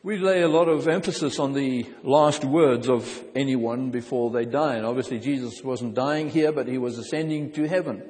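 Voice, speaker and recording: A man's voice: mid-range voice, darkish tone. Man preaching in a reverberant hall. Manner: measured reading, then halting conversational preaching with restarts. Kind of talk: sermon with scripture reading.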